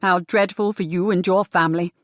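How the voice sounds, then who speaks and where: Casting: a woman doing a slick male asylum doctor in an audiobook, lowered voice, oozing and falsely concerned, dry close sound. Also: normal speed, dry recording, natural voice. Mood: oily. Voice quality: oozing, oily. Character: smooth-talking greedy male asylum doctor.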